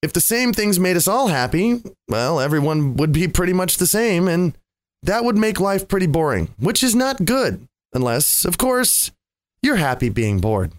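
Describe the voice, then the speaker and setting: A podcast host giving a reflective monologue, wry and sarcastic, telling stories with lively turns. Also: mid-range voice, moderate pace, no echo. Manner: wry, sarcastic, animated storytelling.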